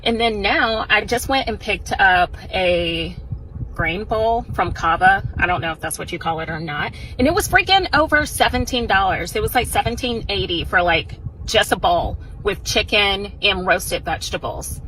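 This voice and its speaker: A woman chats casually to camera, exasperated about prices. Her voice is bright and a little tense. Faint ambient sound sits behind her. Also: mid-range voice, expressive, normal speed, a little hiss or hum, poor audio. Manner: exasperated, chatty. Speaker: vlogger. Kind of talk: casual vlog chat.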